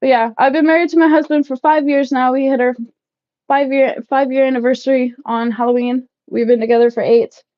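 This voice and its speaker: A woman in her thirties chatting casually with live viewers while packing up, loud and laughing, swearing freely. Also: high-pitched, fairly even intonation, brisk, no echo, lo-fi sound. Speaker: livestream vlogger. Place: shed, packing up.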